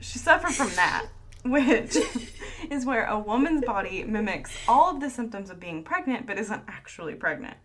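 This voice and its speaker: A woman's voice: a little high, animated, normal speed, fairly bright tone. Chatty woman podcast host telling a story. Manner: chatty, storytelling, laughs often. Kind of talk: casual chat.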